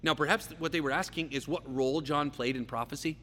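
A man's voice: on the high side, a bit bright. Emphatic male preacher in a reverberant hall. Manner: emphatic, slows and repeats key phrases. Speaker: pastor. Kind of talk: expository sermon. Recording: long reverb, faint hum.

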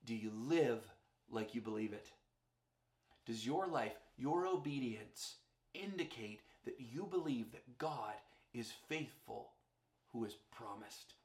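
A man's voice: on the low side, darkish tone, echoey room. A male pastor preaching a sermon, storytelling and addressing the congregation directly.

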